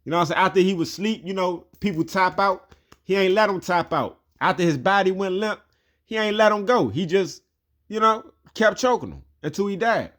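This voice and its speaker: A man's voice: sits high, lively intonation, fairly quick, fairly bright tone. A man giving a heated, profane opinion rant as a commentary host.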